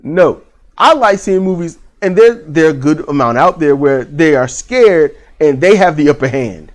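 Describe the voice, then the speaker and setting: A man's voice: a little high, lively intonation, normal speed. A man giving a casual, rambling movie review, full of restarts and fillers and the odd swear word.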